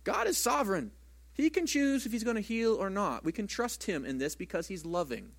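A male pastor delivers a sermon in a church sanctuary, with a voice that sits a touch higher than most men's. He keeps a conversational preaching manner and throws rhetorical questions out to the congregation. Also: sing-song, a little fast, vocal fry.

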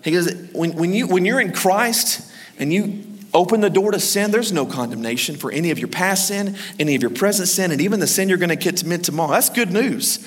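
A man preaching a sermon as pastor, energetic and urging the congregation to answer back. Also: high voice, fairly quick, breathy edge. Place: large church hall. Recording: reverberant church hall.

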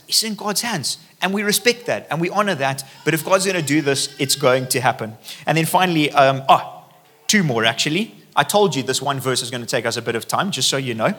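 A man's voice: on the high side, a bit bright. A middle-aged male pastor preaching a sermon in a conversational way, reading scripture aloud and adding casual asides.

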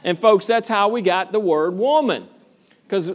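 A pastor preaching a sermon in an earnest, emphatic manner, with frequent repetitions and playful asides. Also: male voice, high-pitched, measured pace.

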